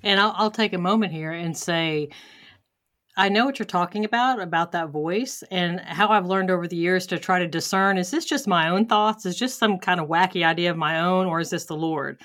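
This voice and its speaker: A woman's voice: on the low side, normal speed, fairly bright tone. A woman hosting a faith podcast, sharing a candid personal story and acting out what she thought and said. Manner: candid, self-deprecating, acts out her own thoughts. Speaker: podcast host.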